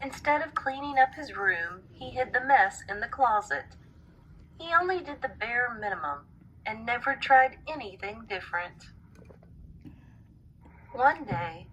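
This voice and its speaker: A woman teacher reading a storybook aloud to a class, with expressive, clear storytelling. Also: a little high, unhurried, slight background noise, low-quality recording.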